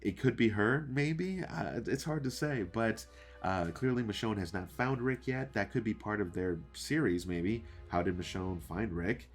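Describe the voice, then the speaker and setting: A man's voice: on the low side, measured pace, faint music behind. A man hosting his own channel, giving a casual, rambling episode review with many fillers and restarts, often asking his viewers questions. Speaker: show reviewer and channel host.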